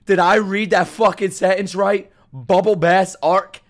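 A man reacts on camera with a lively, swooping voice, cursing in open disbelief and dissolving into laughter. He talks at an unhurried pace, a touch higher than most men. Faint music from what he is watching plays behind him. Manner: profane, incredulous, bursts of laughter. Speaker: reaction video host. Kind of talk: first-time reaction commentary. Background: faint music from the clip he is watching.

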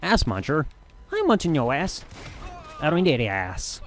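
Excitable mildly profane gaming streamer, man. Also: on the high side, normal speed. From Michigan, USA. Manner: excitable, mildly profane, talking to himself and the game. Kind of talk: live gameplay commentary. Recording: game noise underneath. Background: game sounds.

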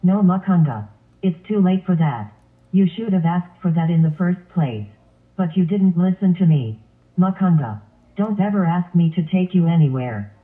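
Cartoon parent: a man doing a stern, scolding lion, high voice, tinny phone-like sound. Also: animated, normal speed.

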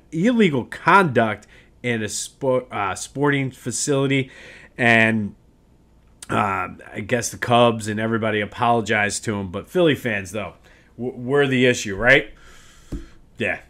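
Male sports podcast host, mid-pitch, agitated rant, stumbling restarts. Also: measured pace, a bit bright. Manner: worked-up ranting with restarts. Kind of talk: casual solo sports podcast.

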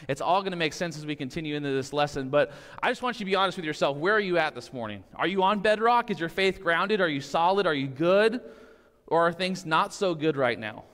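A man's voice: on the high side, expressive, fairly quick, fairly bright tone, long reverb tail. A man preaching a sermon in a church sanctuary, casual and conversational, often checking in with the congregation. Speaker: pastor.

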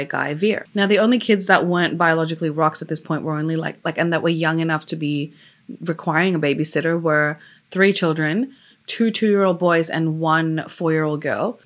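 A young woman who is a true crime YouTuber, telling a case in a loose, chatty way with many fillers and open emotion. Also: deep voice. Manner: openly emotional about the story. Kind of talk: casual storytelling.

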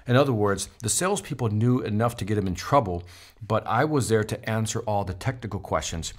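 A middle-aged man speaking as a sales speaker, telling a personal story in an animated way and acting out the quotes. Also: lowish voice. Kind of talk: storytelling talk.

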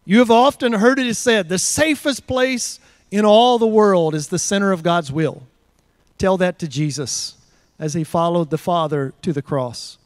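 A man with a fairly high voice preaching a measured, earnest sermon. He works through scripture with repeated rhetorical questions. The sound is close and dry, with no room echo. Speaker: guest preacher. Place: church service.

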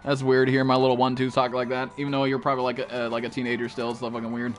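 A young man live-streaming a game, chatting to viewers in a loud, profane way and jumping into high yelps. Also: completely flat delivery, very fast, faint music behind. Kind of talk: live-stream chat while gaming.

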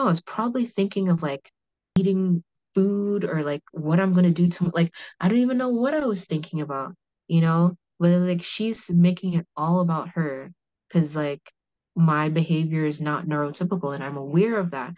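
A woman's voice: on the low side, normal speed, a little mellow, dry recording. A woman hosting a podcast, talking frankly and rambling with lots of "like" fillers. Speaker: podcast host. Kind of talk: candid conversational discussion. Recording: slightly muffled audio.

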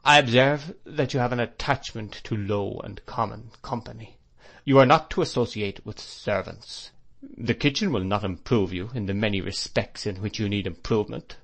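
A man's voice: lowish voice, normal speed, creaky, fairly bright tone. Man reading as stern domineering stepfather, grave, commanding, storybook.

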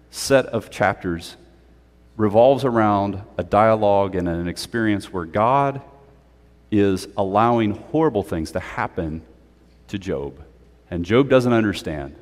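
Animated male pastor in a reverberant sanctuary. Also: fairly low pitch. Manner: conversational and animated, with playful asides. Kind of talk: sermon. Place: church sanctuary.

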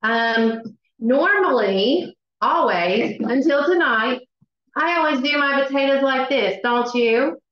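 Excitable Southern woman teaching cooking. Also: sits high, slow pace. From Southern United States. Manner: chatty and excitable, many ums, says y'all. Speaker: cooking class host. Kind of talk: live cooking demonstration. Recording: echoey room, dull lo-fi sound.

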